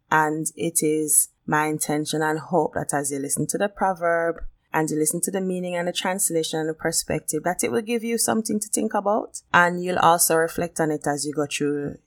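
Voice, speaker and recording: Woman, Jamaican accent, lowish voice, lively podcast chat, patois. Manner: lively, switches into patois, laughs often. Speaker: podcast host. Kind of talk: casual solo podcast talk.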